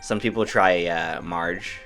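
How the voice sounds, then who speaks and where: A man's voice: sits low, slow pace, gravelly, fairly bright tone. A man co-hosting a let's play, bantering in a joking, laid-back way. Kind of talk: casual gaming chat. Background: faint game music.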